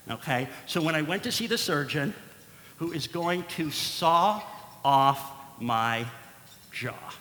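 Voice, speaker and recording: A man telling a comic personal story to a live audience in a large event hall, playful and animated, acting out the dialogue. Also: fairly high pitch. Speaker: speaker and singer at an event. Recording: echoey hall with faint noise.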